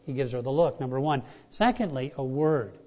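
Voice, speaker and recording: A man preaching a sermon, swinging between loud emphatic lines and soft hushed ones, with frequent restarts. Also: medium pitch, expressive, moderate pace, muffled recording. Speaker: pastor.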